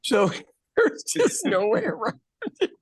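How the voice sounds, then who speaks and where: A man in his fifties from Ireland, a podcast co-host telling stories in casual chat, animated and swearing freely, acting out other people's lines. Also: extremely high pitch, slow, husky, dry recording. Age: 50s.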